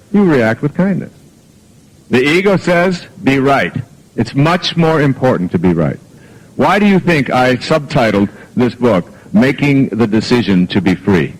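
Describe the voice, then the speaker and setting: A man's voice: medium pitch, low-quality recording. A middle-aged man delivers a self-help talk to a live audience. He tells jokey personal anecdotes and acts out the lines of the people in them. The sound comes from an old archive recording.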